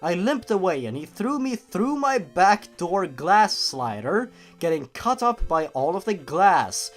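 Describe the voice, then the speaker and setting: A man reads a creepypasta aloud in a deadpan voice, then cuts in with sarcastic jokes. His pitch swings widely as he goes. Faint music plays softly underneath. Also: measured pace, few pauses. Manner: deadpan reading broken by sarcastic asides. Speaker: YouTube narrator. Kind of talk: comedic story reading.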